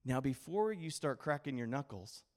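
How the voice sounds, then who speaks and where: A man's voice: medium pitch, expressive, normal speed. A man from Idaho preaching a sermon, asking the congregation questions and mixing in casual humor. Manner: conversational preaching with call-and-response questions and humor. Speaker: pastor.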